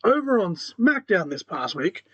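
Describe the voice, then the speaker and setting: A man's voice: high voice, big pitch swings, a little slow, a bit bright, breathy edge. A man hosting a solo wrestling podcast, talking casually with lots of "you know" fillers and dry sarcastic asides. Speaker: podcast host.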